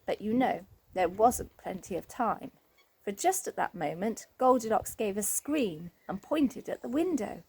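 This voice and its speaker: A woman reading a children's story aloud, expressive and animated. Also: mid-range voice, a little slow, slight background noise.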